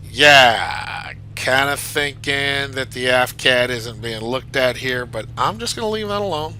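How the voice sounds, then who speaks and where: A man's voice: mid-range voice, lively intonation, a little slow, pushed and bright, a little hiss or hum, rough recording. A man reviewing a flight simulator add-on in casual commentary, chatty and enthusiastic with rambling asides.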